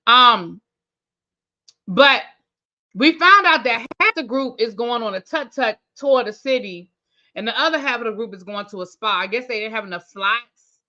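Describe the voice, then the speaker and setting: A woman's voice: fairly high pitch, animated, unhurried, long pauses, pushed and bright, dull audio. A woman hosting a TV review channel, recapping an episode in casual chat, thinking aloud and talking straight to her viewers. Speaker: TV review host.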